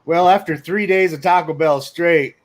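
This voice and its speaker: A man co-hosting a joking live stream, giggling often and drawling his jokes. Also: on the high side. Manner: giggly, slow drawl, bursts of laughter. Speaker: co-host. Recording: loud background noise.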